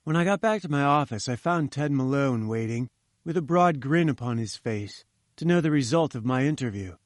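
A man's voice: medium pitch, moderate pace, no echo, studio quality. A man narrating a story in the first person, voicing its characters in turn. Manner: reads with lively character voices. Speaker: audiobook narrator. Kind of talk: scripted narration.

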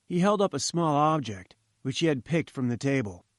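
A man reading a novel aloud as narrator, in a measured, plain storytelling manner. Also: on the high side, very animated, no echo, studio quality. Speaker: audiobook narrator.

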